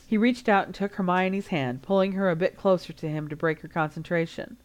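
A woman reading fan fiction aloud as an audiobook, steady and unhurried. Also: fairly low pitch. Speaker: audiobook reader.

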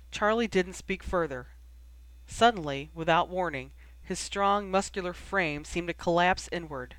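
Storybook narrator, measured, steady, mid pitch, dry close mic. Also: no echo. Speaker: audiobook reader. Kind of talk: narration of fan fiction.

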